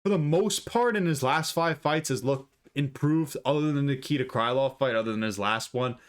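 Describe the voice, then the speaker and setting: A man talking through upcoming fights in a loose, offhand way. He is blunt and often profane, breaks off mid-thought into asides, and restarts his sentences. His voice sits at an ordinary middle pitch for a man. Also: normal speed. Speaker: fight analyst.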